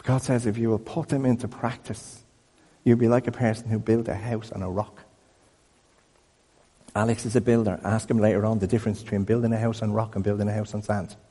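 A man preaching a sermon as a pastor, telling stories in a conversational, animated way. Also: on the low side, brisk, breathy edge, big-room sound. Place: church building.

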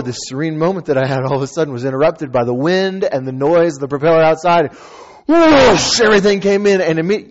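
A man telling a funny personal story to an audience, acting out the people in it and laughing often. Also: on the high side. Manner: animated, laughing, acting out quotes. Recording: dull lo-fi recording.

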